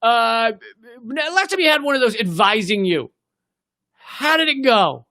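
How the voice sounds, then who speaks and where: A man's voice: very high voice, very animated, unhurried, pushed and bright. An American man in his thirties hosting a political comedy show, giving sarcastic, profane commentary with mocking asides. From United States.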